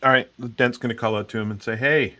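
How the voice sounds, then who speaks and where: A man's voice: medium pitch, level tone, racing, sharp tone, no echo. A man playing a tabletop game, asking questions and searching for words. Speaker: player. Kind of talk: casual chat.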